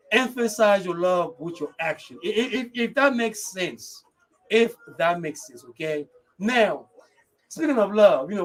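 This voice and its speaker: A man hosting a live radio talk show, energetic and repetitive, speaking straight to his listeners. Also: sits high. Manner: energetic, repeats phrases, talks straight to listeners. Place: radio studio.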